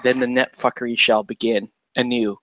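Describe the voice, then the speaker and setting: A man's voice: medium pitch, little pitch movement, moderate pace, a bit bright, slight background noise, poor audio. A man casually chatting and joking while he paints miniatures on a livestream, swearing and laughing easily. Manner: laid-back, swears casually, laughs often. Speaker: stream host painting miniatures.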